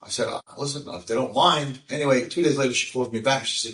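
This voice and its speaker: Older rabbi telling a story in an echoey room. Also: male voice, medium pitch, a little fast. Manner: animated storyteller, acts out voices, jokes with the crowd. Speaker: rabbi giving a talk. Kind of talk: storytelling talk to an audience. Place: lecture room with audience. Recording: echoey room, mic at a distance.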